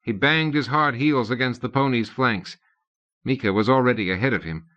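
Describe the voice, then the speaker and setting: This is scripted audiobook narration by a man who reads steadily and deliberately, pitching up whenever characters speak. The sound has the muffled quality of a lo-fi cassette.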